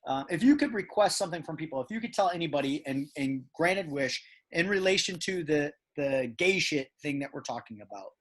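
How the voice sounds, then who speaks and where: A man's voice: a little high, lively intonation, a little fast, few pauses. A man hosting a casual podcast chat, rambling and emphatic with many restarts. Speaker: podcast host. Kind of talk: casual conversation.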